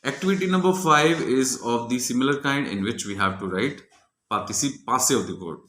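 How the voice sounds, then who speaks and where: Guy teaching french grammar, bright clear voice, goes thru each answer step by step, echoey room. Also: medium pitch, a little fast, slight background noise. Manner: methodical, walks through each answer step by step. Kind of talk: explaining a French grammar lesson.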